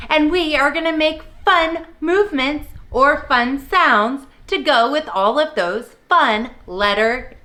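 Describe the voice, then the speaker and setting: A woman's voice: high voice, pushed and bright. A young woman teaching preschoolers, prompting little kids in a cheerful sing-song way. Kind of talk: children's lesson video.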